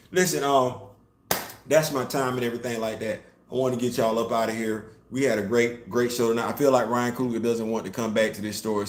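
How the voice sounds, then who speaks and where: A man hosting a casual commentary show, talking in an animated, emphatic way with features. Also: lowish voice. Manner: animated, emphatic, rising to loud peaks. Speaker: host. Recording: roomy echo.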